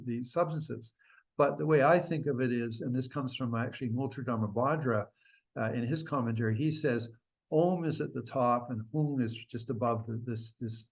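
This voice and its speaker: A man teaching Buddhist practice, explaining in a relaxed, rambling way with many restarts. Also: medium pitch, vocal fry, muffled recording. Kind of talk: recorded dharma teaching.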